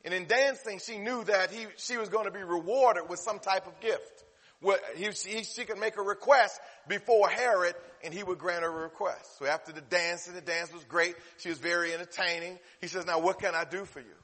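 A man preaching a sermon, dropping to hushed low passages and then building to loud, emotional peaks. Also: fairly even intonation, normal speed. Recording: long hall reverb.

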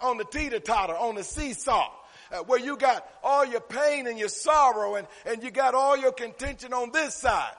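A preacher with a high voice, working the crowd with call-and-response and rising to shouted peaks. His sermon rings out through a church sanctuary with a long, hanging reverb. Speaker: pastor.

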